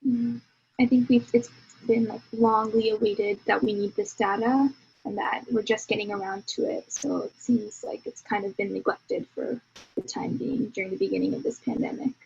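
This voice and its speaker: A woman co-hosting a podcast, speaking in a soft, trailing, casual way. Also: mid-range voice, fairly even intonation, normal speed, creaky, slightly rough, lo-fi sound.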